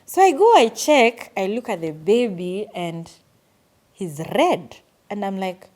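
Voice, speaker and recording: A young woman telling a personal story on her vlog in an earnest, animated way. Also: mid-range voice, a little slow. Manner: earnest, animated retelling with quoted asides. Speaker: vlogger.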